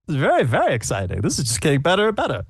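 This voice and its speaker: An eager man who loves chocolate, as a man puts him on, pitched high and stammering. He gets excited easily. The voice is dry and close. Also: rapid-fire, breathy edge, no room sound, heavily acted. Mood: thrilled.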